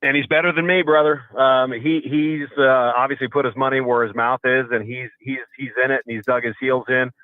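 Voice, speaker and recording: A man's voice: mid-range voice, fairly even intonation, a little fast, hardly any pauses, dry recording. A man, a fellow radio host, calling in by phone and bantering earnestly, stressing his points and often repeating words. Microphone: phone line. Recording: tinny phone line.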